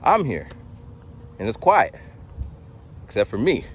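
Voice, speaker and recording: A young man muses aloud in a loose, rambling vlog, his pitch swinging widely as he slips into little acted voices. His voice sits at an ordinary middle pitch. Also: slow, slight background noise. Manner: rambling, animated, full of restarts and acted voices. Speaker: vlogger. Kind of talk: casual monologue.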